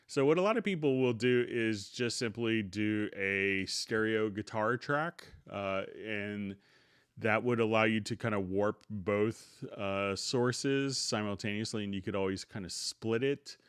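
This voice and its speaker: A middle-aged man hosts a live tutorial stream, chatting casually and greeting viewers by name. His voice sits low and comes across smooth and clear. He speaks slowly, recorded close and dry. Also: a bit bright, no echo.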